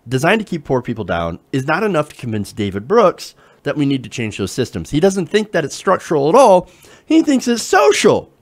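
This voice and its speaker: A man hosting political commentary, reading an op-ed aloud and mocking it with sarcasm, profanity and laughter. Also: fairly high pitch.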